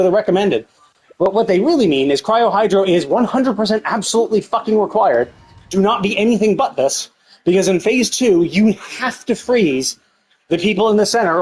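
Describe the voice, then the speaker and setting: A man's voice: high voice, darkish tone, slightly rough. A male streamer doing live gameplay commentary, ranting with exasperation and plenty of swearing.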